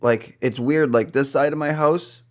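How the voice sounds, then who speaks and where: A podcast co-host from the East Coast of the US, speaking with a Boston accent, rambles through stories in casual chat with many restarts and self-corrections. His voice is medium in pitch and a little slow.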